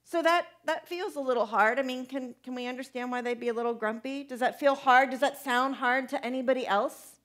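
Young woman pastor, fairly high voice, chatty sermon, keeps asking the crowd stuff. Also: a little fast, hardly any pauses. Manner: conversational, animated, asks the congregation questions.

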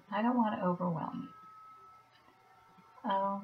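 A woman talking softly and gently to a viewer in a personal video message, reassuring, with halting pauses. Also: medium pitch, slight background noise. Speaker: vlogger. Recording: dull lo-fi recording.

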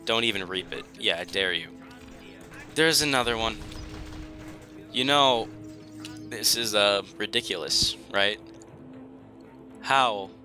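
A young gaming YouTuber gives gameplay commentary on his own strategy game, begging and joking with the enemy in a dramatic, self-mocking way. His voice sits on the low side, bright and forceful, and he speaks slowly with frequent pauses. Soft music plays in the background.

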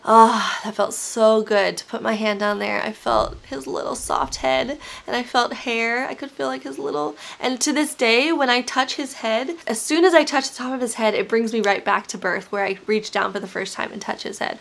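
A woman in her thirties telling a personal story on her vlog in a soft, heartfelt way, full of fillers. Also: on the high side, steady tone, moderate pace, vocal fry, few pauses.

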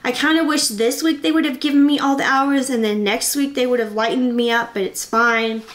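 A young woman vlogging from her bedroom in a chatty, excitable, rambling way. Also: a little high, fairly quick. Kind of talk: casual vlog chat.

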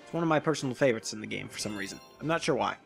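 A man's voice: lowish voice, animated, rapid-fire, gravelly, faint music behind. A man casually narrating his gameplay, rambling with frequent restarts and jokes about puns. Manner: rambling, self-correcting, jokey about puns. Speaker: let's play host.

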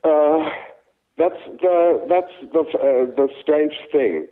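An older man with a German accent, a German native speaker, speaking haltingly in an interview with many fillers and restarts. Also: fairly high pitch. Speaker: interviewed actor. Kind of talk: casual interview talk. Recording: tinny phone-like sound.

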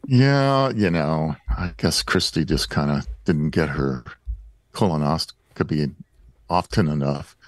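A man co-hosting a podcast, giving short reactions and dry, dark jokes in casual chat. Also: very deep voice, slow pace, no echo. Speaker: podcast co-host.

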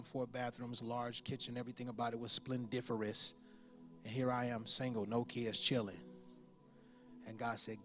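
A pastor in his forties delivering a sermon, telling a personal story with lively impressions of the people in it. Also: mid-range voice. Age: 40s. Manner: storytelling with animated impressions and laughter.

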